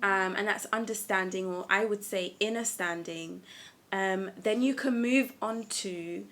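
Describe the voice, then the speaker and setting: Bright-voiced woman giving gentle self-help talk. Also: medium pitch, unhurried. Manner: gentle, earnest, with frequent restarts. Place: at home with a small child nearby.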